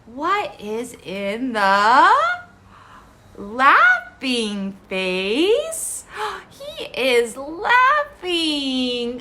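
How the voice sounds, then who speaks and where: Here the same therapist's voice is high and bright, with enormous pitch swings and a pushed quality, and her pace is extremely slow. She coaches young kids through word practice in a theatrical, upbeat sing-song, full of gasps and carefully demonstrated words.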